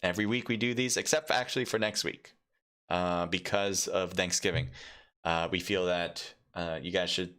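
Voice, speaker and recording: A man casting a live mobile esports match solo, chatty and rambling, with lots of fillers and sudden bursts of excitement. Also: sits low, normal speed, clear, resonant tone. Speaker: esports caster and streamer. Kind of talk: solo live game commentary.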